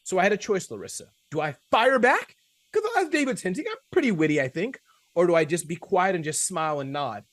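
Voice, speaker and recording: A man hosting a casual panel chat, telling self-deprecating stories in an animated way. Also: sits high, a little fast, dry recording. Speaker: host.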